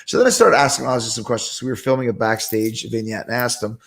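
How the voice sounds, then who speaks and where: Male host, mid pitch, casual, animated, swears freely. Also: quick pace, vocal fry. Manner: animated, profane anecdote telling. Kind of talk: casual storytelling.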